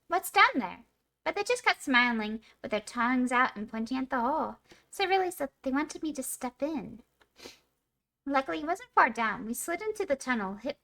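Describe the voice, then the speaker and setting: Bright lively woman reading a bedtime story. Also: high voice. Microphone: streaming mic.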